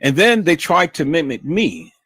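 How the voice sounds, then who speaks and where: A man hosting a live stream, talking to his audience and repeating himself, sometimes dropping low and sometimes raising his voice high for emphasis. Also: big pitch swings, normal speed, breathy edge, dry recording, clean studio sound. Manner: shifts from low muttering to high shouted emphasis; repetitive, addresses audience as "peoples". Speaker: YouTube live stream host. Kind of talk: livestream monologue.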